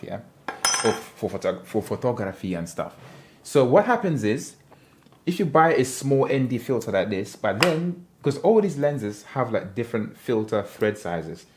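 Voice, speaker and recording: A man's voice: fairly low pitch, background noise. A man from Africa chatting casually on a livestream, reading viewer comments in a playful, rambling way and laughing often.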